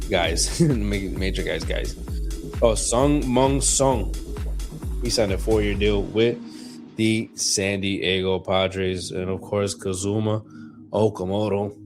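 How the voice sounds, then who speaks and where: A man hosting a casual sports podcast, reading a rundown from his notes, loose and self-deprecating, stumbling on names, with frequent coughing and throat clearing. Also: low-pitched. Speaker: podcast host.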